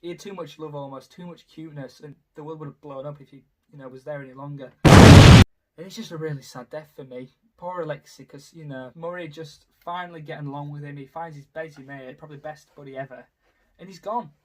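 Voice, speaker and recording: Chatty young man, fairly high. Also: fairly even intonation, fast talker, very noisy. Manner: rambling, chatty, full of "you know" fillers. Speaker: YouTuber. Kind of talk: casual commentary ranking. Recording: voice a bit far from the mic.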